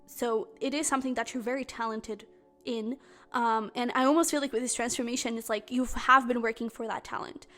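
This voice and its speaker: A woman doing a pick-a-card tarot reading to camera, effusive and excitable, with lots of fillers. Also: a little high, a little fast. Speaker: tarot reader.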